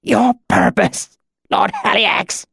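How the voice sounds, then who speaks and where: A man's voice: mid-range voice, extremely slow, darkish tone, smooth, dry recording, studio quality. A man voicing an arrogant male servant reduced to gasping, strained pleas in an audiobook. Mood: pained, pleading. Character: arrogant male servant, broken and begging in pain.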